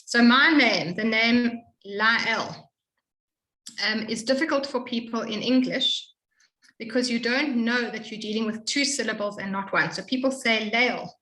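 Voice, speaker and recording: A woman tutoring a student in Hebrew reading, explaining patiently and slowly modeling each sound. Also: on the high side, pushed and bright, echoey room, rough recording. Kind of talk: one-on-one reading lesson.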